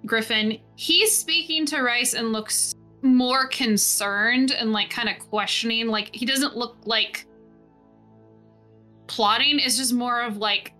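A woman's voice: on the high side, takes it slowly, bright, forceful tone, faint music behind. A woman running a tabletop game as game master, narrating in a chatty way with many fillers.

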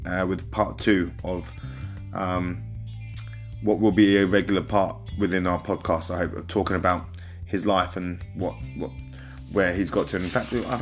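A man hosting a podcast, giving a loose, rambling intro and correcting himself as he goes. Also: low voice. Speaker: podcast host.

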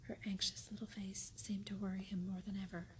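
Brief: woman reader, whispered role-play storytelling, steady flat whisper, calm and close. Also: medium pitch, a little fast, a little hiss or hum. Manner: soft, unvoiced whisper. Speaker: audiobook reader.

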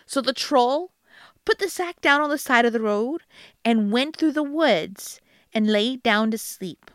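A woman reading a fairy tale aloud in an unhurried, gentle storybook manner. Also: a little high, animated, clear, resonant tone, no echo, clean studio sound.

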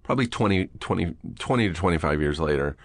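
A man's voice: deep voice, animated, fast, no room sound. A man hosting a podcast in a small studio room, chatting casually and telling stories, swearing freely and acting out the voices of people he quotes. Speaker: podcast host. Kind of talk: casual chat.

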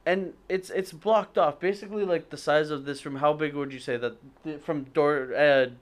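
A man's voice: a little high, fairly even intonation, normal speed. A young man telling a long story to friends, rambling and hesitant, with lots of fillers and self-corrections. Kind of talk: casual storytelling among friends.

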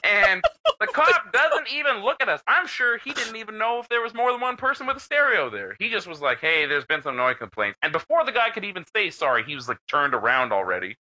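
A man's voice: sits high, a little fast, rough recording. A middle-aged man co-hosting a podcast, telling a rowdy story in a loose, profane, laughing way. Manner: animated, profane, laughs while telling stories. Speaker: podcast co-host. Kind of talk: casual storytelling chat.

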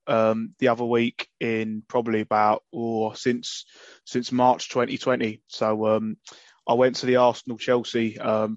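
A man chats cheerfully as a podcast co-host, filling his talk with ums. His voice sits at a middle pitch. The audio is dull and lo-fi, like a call line, and very dry. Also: darkish tone, no room sound. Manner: chatty, many ums, cheerful. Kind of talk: casual podcast chat.

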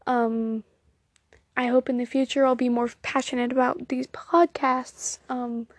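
Her voice is high and level, unhurried, with no echo. She's a young woman from the Southern United States with a Southern accent, chatting casually on her amateur solo podcast recorded into her phone, rambling, giggly, and self-deprecating, with lots of ums.

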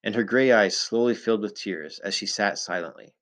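A man reading a novel aloud in the first person, in a measured, low-key storytelling manner. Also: a bit bright. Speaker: audiobook narrator.

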